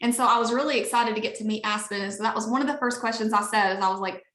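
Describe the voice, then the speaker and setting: Bubbly Alabama woman pitching over a call. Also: steady tone, rapid-fire, a bit bright, roomy sound. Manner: upbeat, gushing, chatty. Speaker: network marketing leader. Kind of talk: enthusiastic sales pitch on a video call.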